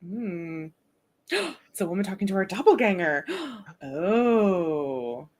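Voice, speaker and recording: A woman chatting on a live stream, and her voice swings up and down as she talks. She is giggly and excitable, cheering on the others. Her pitch sits in the middle of the range. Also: takes it slowly. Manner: giggly and excitable, reads aloud in a put-on accent. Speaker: streamer co-host. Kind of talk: casual chat on a writing stream.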